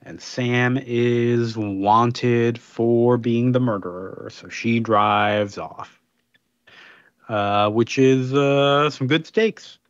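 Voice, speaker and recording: A man's voice: mid-range voice, drawn-out words, smooth, dry recording. Male podcast co-host, laid-back rambling recap, dry and slightly dull mic sound. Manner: relaxed, rambling with many fillers. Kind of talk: casual chat, recapping a comic.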